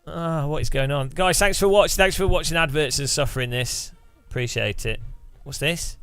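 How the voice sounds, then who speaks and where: A man's voice: a little high, moderate pace, a bit bright, clean tone, dry recording, soft background music. A man giving casual, sardonic commentary over a game he is playing, muttering asides at a desk mic. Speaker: gaming YouTuber.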